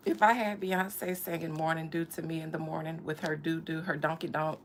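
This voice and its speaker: A woman's voice: low voice, level tone, a little fast, slight background noise. A woman vlogger in casual chat, joking playfully and laughing often.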